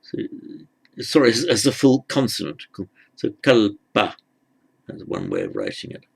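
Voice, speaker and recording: A man teaching script letters, talking haltingly as he writes and repeating words as he goes. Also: on the low side, wildly swooping pitch, vocal fry, slightly rough. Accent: British. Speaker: language teacher. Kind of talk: handwriting lesson.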